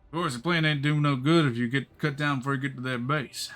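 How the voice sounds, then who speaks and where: A man reading game dialogue aloud in a folksy drawl, voicing a gruff, determined railway chief. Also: fairly high pitch, lively intonation, moderate pace, bright, forceful tone, faint music behind, voice pushed up. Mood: resolute.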